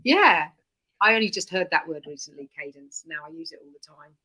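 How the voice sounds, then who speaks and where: An Englishwoman who is a comic performer, chatting lively and animated as the guest of an interview over a video call. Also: sits low, a little fast, husky. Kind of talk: casual interview chat.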